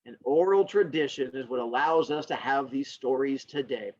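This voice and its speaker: Man teaching a class, joking storyteller, husky voice, dull lo-fi recording. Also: mid-range voice, normal speed, darkish tone.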